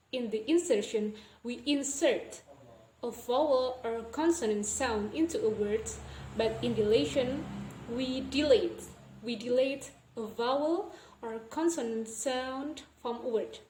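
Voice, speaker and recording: A young woman walks through a linguistics lesson at a slow, careful pace, pausing and correcting herself as she goes. Her voice sits a bit high and mellow. The recording is roomy and echoey, with faint background noise. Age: young adult. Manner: slow, hesitant, self-correcting. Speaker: student presenter.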